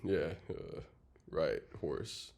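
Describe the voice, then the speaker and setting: Low-voiced guy reading slowly on a chill podcast, trips on words, laughs a lot. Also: animated, gravelly, darkish tone. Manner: stumbles over words while reading; laughs often, swears casually. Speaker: podcast co-host. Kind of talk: casual chat, reading aloud.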